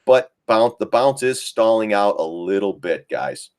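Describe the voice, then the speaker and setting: Speaking at a measured pace, this man has a lowish, animated, slightly mellow voice. On his live trading stream he talks loosely about charts, laughing a lot and mimicking traders in a panic, all as casual market commentary.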